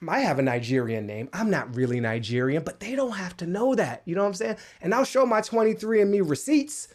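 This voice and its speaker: An American man giving a comedic monologue as a guest speaker, sarcastic and animated, with sudden jumps up in pitch, speaking over a video call. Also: a little fast. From United States.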